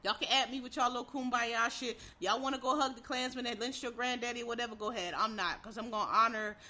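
Woman, blunt and profane, heated monologue to viewers, high and very bright voice. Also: steady tone, fast.

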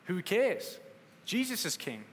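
Emphatic preacher in an echoey hall. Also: male voice, high voice, wildly swooping pitch, takes it slowly, slight background noise. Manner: emphatic, conversational preaching with acted-out quotes. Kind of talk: sermon. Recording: echoey hall with faint ambience.

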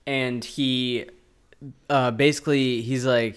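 Laid-back male podcast co-host, mid-pitched, smooth voice, chatty and profane. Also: fairly even intonation, slow. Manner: laid-back, swears, laughs often, acts out lines in quotes. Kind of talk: casual chat recapping an episode.

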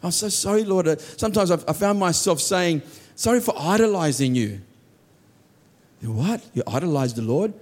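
A man preaching a sermon with earnest emphasis, often dropping to soft low tones and voicing heartfelt prayers aloud. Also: animated, normal speed.

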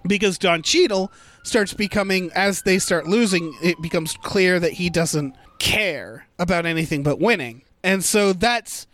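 A man's voice: high voice, measured pace, a bit bright. A man in a casual movie review chat, rambling and thinking aloud as he picks apart a plot.

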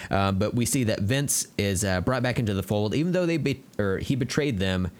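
Low-voiced man recapping a movie casually. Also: a little fast. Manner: relaxed, recounts scenes with many ums and uhs. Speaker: podcast co-host.

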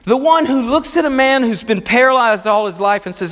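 A male pastor preaching a sermon, retelling a story with animated, emphatic delivery. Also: sits high, moderate pace, hardly any pauses, in a large hall.

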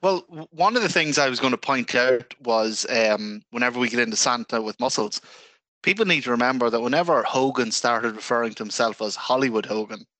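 A man co-hosting a radio show, joking and telling animated stories in casual chat. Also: mid-range voice, brisk, no room sound. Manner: jokey, animated storyteller. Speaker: radio co-host.

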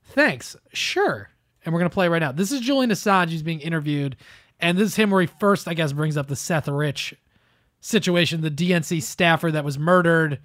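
Guy hosting a podcast, swears a lot, loud jokey voice, dry close mic. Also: moderate pace, no echo. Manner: loud, swearing, joking, often jumps up in pitch. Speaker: podcast host. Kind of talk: casual chat.

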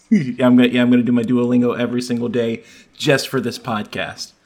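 A man co-hosting a casual podcast chat, goofy and quick to make fun of himself. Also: mid-range voice, steady tone, a little mellow. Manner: goofy, self-mocking. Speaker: podcast co-host.

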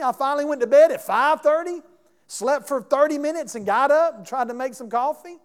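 A man's voice: very high voice, expressive, normal speed. A man preaching as pastor, telling a story in a conversational way and putting questions to the congregation. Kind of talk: sermon. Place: church sanctuary. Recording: long church hall reverb.

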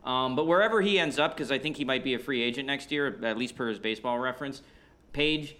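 A man's voice: mid-range voice, fast, bright, forceful tone. A man co-hosting a casual podcast, talking eagerly with frequent restarts. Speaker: podcast co-host. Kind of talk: casual chat.

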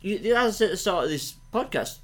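Lively English podcast host, man. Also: high voice, a little fast. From England. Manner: animated, jokey, quotes lines in funny voices. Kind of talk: casual film-review chat.

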